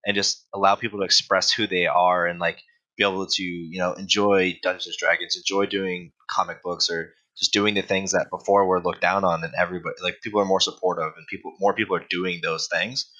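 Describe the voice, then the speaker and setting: A man with a very deep voice that still sounds bright and forward, chatting as a podcast guest. He speaks in an easygoing, hedging way, leaning on casual fillers. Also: flat delivery, brisk, rough recording. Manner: easygoing, hedging with like and you know. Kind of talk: casual chat.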